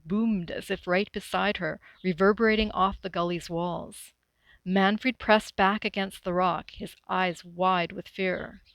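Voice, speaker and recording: Woman storyteller, measured and expressive, dry close-miked sound. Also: mid-range voice, no room sound, low-quality recording. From Northwestern Ontario, Canada. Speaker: author reading her story. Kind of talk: storybook reading aloud.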